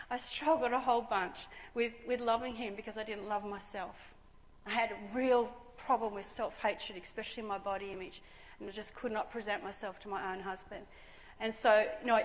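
A woman giving an animated testimony sermon, swinging between hushed and loud, in a church hall. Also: on the high side. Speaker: preacher. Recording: echoey hall reverb.

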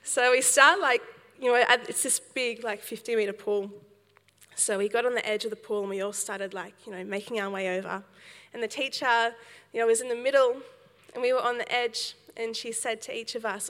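A young woman giving a sermon, telling a story in a lively way with laughs and acted quotes. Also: a little high, fairly quick, in a large hall. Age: young adult. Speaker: speaker at a church service.

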